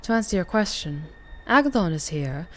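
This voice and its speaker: A woman voicing an imperious woman mage leader in a formal, measured way with an Irish accent she puts on. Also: on the low side, lively intonation, a bit bright. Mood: composed, formal. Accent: Irish (put on).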